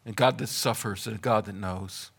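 A male pastor preaching a sermon with emphatic, rhythmic repetition that builds to loud declarations. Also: on the low side, normal speed, vocal fry, breathy edge.

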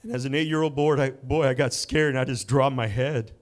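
A man preaching in a church, telling a personal story slowly with dramatic pauses. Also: medium pitch, fairly even intonation. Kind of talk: sermon with personal testimony. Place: church sanctuary.

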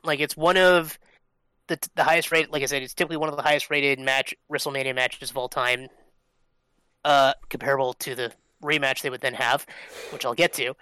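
A man's voice: mid-range voice, fairly even intonation, brisk, pushed and bright, smooth, no echo. A man co-hosting a podcast, explaining things at length in a loose, casual way, with lots of fillers and the odd swear word. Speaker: podcast co-host. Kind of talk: casual chat.

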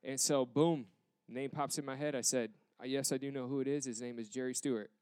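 A man in a casual storytelling style, retelling an embarrassing moment with self-deprecating, animated quoted dialogue. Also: medium pitch, a little fast, smooth.

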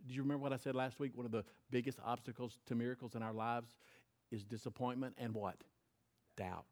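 A male pastor preaching a sermon on a stage mic, swinging between loud emphatic bursts and quiet, intense lines. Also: medium pitch, fast talker.

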